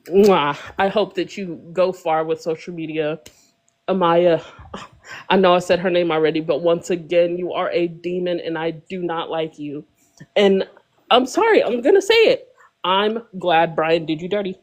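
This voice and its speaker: A woman's voice: lowish voice, fairly even intonation, unhurried. Blunt woman ranting playfully. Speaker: live panel guest. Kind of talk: live podcast panel chat.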